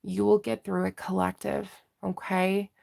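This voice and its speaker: A woman doing a tarot reading on a livestream, her voice heavily gravelly with vocal fry. She speaks in a flat, even tone, addressing her audience earnestly and intimately as a collective. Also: medium pitch, a little slow. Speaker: tarot reader.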